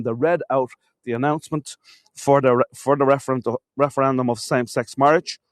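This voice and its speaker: A man's voice: mid-range voice, dry recording. An Irish man guiding a live walking tour, telling history in a chatty storyteller way and calling his viewers folks. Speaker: tour guide. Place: castle courtyard outdoors.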